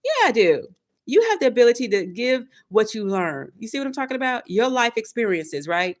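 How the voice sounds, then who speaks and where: A woman's voice: fairly high pitch, big pitch swings, brisk. Emphatic woman preaching motivational self-talk. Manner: preachy, emphatic, repetitive, speaks in affirmations. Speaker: tarot reader.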